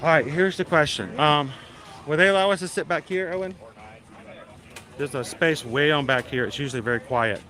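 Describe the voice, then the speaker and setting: A man's voice: a little high, moderate pace, pushed and bright. A man in his thirties hosting a casual live vlog outdoors at a theme park, chatty and jokey, rambling along as he goes. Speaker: livestream host.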